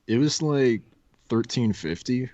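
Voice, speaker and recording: A man's voice: mid-range voice, expressive, takes it slowly, warm tone, highs cut off. A young man guesting on a podcast, telling casual stories and acting out his old coworkers. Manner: laid-back storyteller, acts out coworkers with laughs. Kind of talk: casual chat, storytelling.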